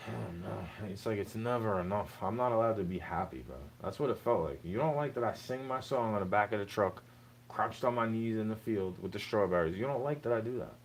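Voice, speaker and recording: A man's voice: lowish voice, fairly quick, slight background noise, poor audio. Young man venting in a rambling rant. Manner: rambling, aggrieved, says "bro" constantly. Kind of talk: unscripted monologue rant.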